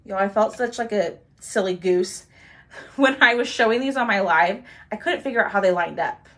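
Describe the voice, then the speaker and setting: A woman's voice: mid-range voice, moderate pace, fairly bright tone. A young woman hosting a chatty live craft stream, talking viewers through her work and thanking commenters as she goes. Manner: bubbly, talks to viewers while working, thanks commenters.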